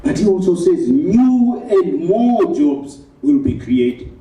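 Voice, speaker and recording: Man talking slow and thoughtful, far off the mic in an echoey room. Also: high voice, very animated, dark tone. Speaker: speaker reviewing the book. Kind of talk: prepared public remarks. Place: event hall in Harare.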